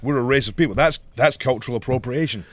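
A man's voice: medium pitch, quick pace, fairly bright tone, dry recording. A middle-aged man with a Scottish accent, swearing freely and rambling through stories as a podcast co-host. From Scotland. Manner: profane, rambling storyteller. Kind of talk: casual chat.

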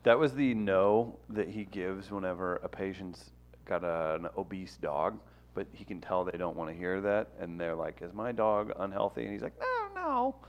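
A man's voice: sits low, normal speed. A man hosting a talk show, dry and wisecracking with his co-hosts. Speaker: radio show host. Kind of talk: casual banter.

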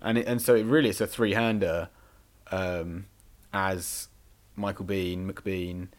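A man's voice: deep voice, fairly even intonation, unhurried. A man co-hosting a podcast, talking about movies in a casual, rambling way with many fillers. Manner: rambling, filler-heavy, enthusiastic. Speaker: podcast co-host. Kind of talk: casual film discussion.

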